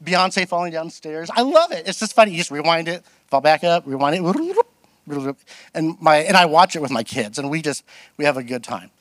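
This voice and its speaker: A man's voice: a little high, fairly quick, dry recording. A middle-aged man preaching as a guest pastor, telling funny personal stories and acting out other people's voices. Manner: animated, self-deprecating, acts out quoted voices. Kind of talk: storytelling sermon.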